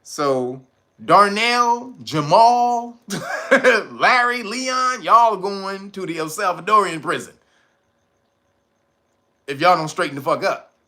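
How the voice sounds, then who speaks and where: A man's voice: high voice, lively intonation, takes it slowly, pauses often, sharp tone. A man hosting a casual livestream, talking in profane street slang, laughing often and answering his viewers' chat. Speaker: livestream host.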